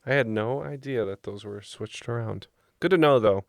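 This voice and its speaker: A man's voice: mid-range voice, moderate pace, vocal fry, no room sound, studio quality. A man playing pub trivia on a podcast, joking and thinking aloud with plenty of fillers. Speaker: trivia contestant. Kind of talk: casual podcast banter.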